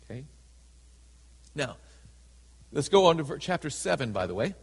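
A man's voice: fairly high pitch, big pitch swings, husky. Preaching man in a reverberant church. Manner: reads scripture slowly and dramatically, voices characters in asides. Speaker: pastor. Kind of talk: sermon. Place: church sanctuary. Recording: hall with long reverb.

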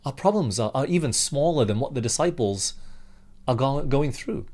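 A male preacher delivers a sermon in a mid-pitched voice, speaking straight to his listeners. He shifts between calm reasoning and sudden, louder outbursts whenever he voices pleading prayers. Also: moderate pace. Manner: animated, acts out the disciples' pleas with raised pitch.

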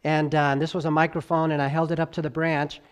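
A male pastor preaches a sermon in a level, clean tone, though he still swings from loud emphatic highs to hushed lows. He draws out key words slowly and includes conversational asides and stammered restarts.

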